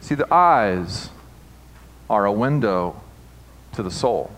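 A man preaching as a pastor, moving from quiet reflection to emphatic, rising passages with playful asides. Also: fairly low pitch, expressive, takes it slowly, a little hiss or hum, rough recording. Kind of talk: sermon. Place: church sanctuary.

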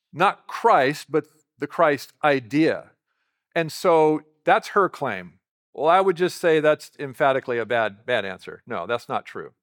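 A male pastor delivers a teaching sermon in a voice pitched a little above the usual. He works through the passage conversationally and keeps putting rhetorical questions to the congregation. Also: a bit bright.

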